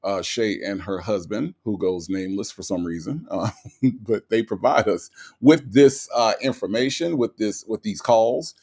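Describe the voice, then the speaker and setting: Speaking at a measured pace in a voice on the low side, the host of an online commentary channel addresses viewers casually. He is sarcastic and animated, with plenty of asides and fillers.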